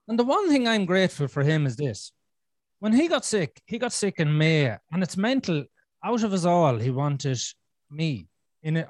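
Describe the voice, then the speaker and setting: A man's voice: mid-range voice, darkish tone, no room sound. A man with an Irish accent talking bluntly and swearing freely as a podcast guest in a casual conversation.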